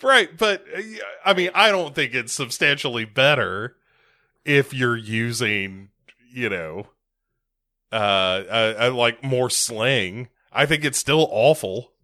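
A man co-hosts a casual podcast, speaking slowly and hesitantly with many stammers and fillers. His tone is bright and his humor deadpan. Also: medium pitch. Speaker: podcast co-host. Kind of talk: casual chat.

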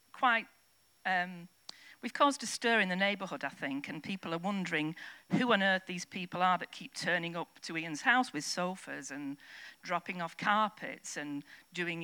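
Bright-voiced woman telling a story. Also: lowish voice, clean tone. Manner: chatty storytelling with frequent restarts and asides. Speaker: church member sharing a testimony. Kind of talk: personal testimony told to a congregation. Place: church service. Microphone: handheld mic.

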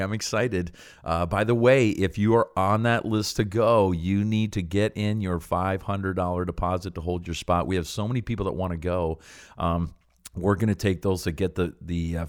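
A middle-aged man hosting a ministry podcast, talking earnestly and encouragingly, with many pauses and fillers. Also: deep voice, clean tone, no room sound, clean studio sound. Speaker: podcast host, preacher. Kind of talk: casual podcast talk.

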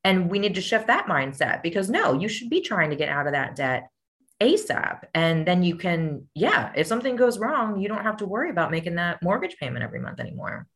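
Low-voiced young woman guest. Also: sing-song, fairly quick, a bit bright. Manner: earnest, upbeat explaining with fillers. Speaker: guest, real estate investor and author. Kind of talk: conversational interview.

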